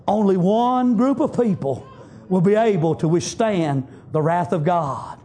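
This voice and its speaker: A man preaching a fiery sermon in a church, punctuating it with shouted amens. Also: high voice, animated, unhurried. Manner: emphatic, shouting refrains, frequent amens. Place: church sanctuary.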